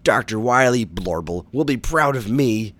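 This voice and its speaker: A man's voice: lowish voice, expressive, slow. A man voicing a gloating froglike male robot villain in a storybook reading, breaking his words with gurgling blurbles.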